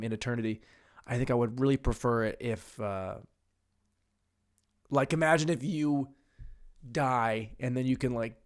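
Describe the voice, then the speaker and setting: A young man with a mid-range voice hosts a solo comedy podcast on his own. He rambles through crude jokes at his own expense, sinking into mumbled asides before jumping into loud bursts.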